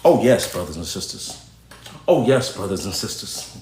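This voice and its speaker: A man putting on a deep, drawn-out intoning voice to play a solemn preacher-like lecturer. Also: sing-song, darkish tone, slight background noise. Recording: roomy echo.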